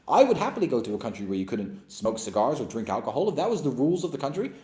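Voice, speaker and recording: A man's voice: a little high, a little mellow. A man in his thirties giving a blunt, scornful opinion monologue as a commentator. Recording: roomy echo.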